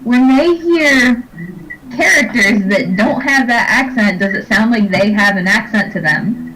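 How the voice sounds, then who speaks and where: A woman's voice: on the high side, measured pace, crowd noise, poor audio. A young woman, bubbly and curious in a casual podcast chat over a group call. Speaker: podcast co-host.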